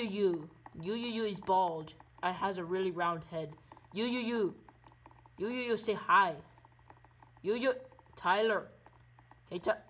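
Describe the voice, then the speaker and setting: A woman doing loud, silly running commentary while playing a game. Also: mid-range voice, a little hiss or hum. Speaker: gaming video creator.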